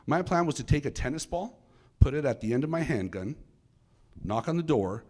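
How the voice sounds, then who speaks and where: A man's voice: fairly high pitch, expressive, normal speed, a little mellow, pitched above the performer's own voice. A man voicing a young male suspect who pleads for help and then talks eagerly, in an unsettling way. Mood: matter-of-fact.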